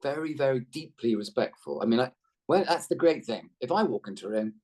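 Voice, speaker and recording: A man in middle age talks through a video call, his voice husky and swinging up and down as he rambles from one anecdote to the next. He stays chatty and self-deprecating, often restarting his sentences. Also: mid-range voice, expressive, fairly quick, dark tone. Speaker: actor guest. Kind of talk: casual interview chat.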